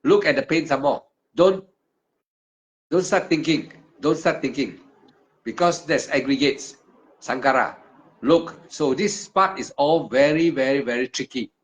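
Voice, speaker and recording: A man's voice: fairly high pitch, unhurried, long pauses. A man teaching meditation one-on-one, speaking in short, emphatic, repeated phrases of simple broken English. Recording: dull lo-fi recording.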